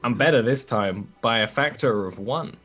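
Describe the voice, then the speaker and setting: A man in a mid-pitched voice, playing in a tabletop role-play game. He talks casually and laughs often, with faint music under the session. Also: normal speed, a bit bright. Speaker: player.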